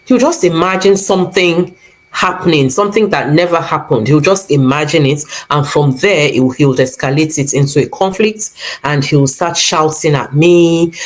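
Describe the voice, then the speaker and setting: A woman's voice: low voice, rough recording. A woman with a Nigerian accent telling a personal story on her vlog in an earnest way, acting out the lines people said to her. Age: adult, previously married with a son. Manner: earnest, retelling events with quoted dialogue. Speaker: vlog host.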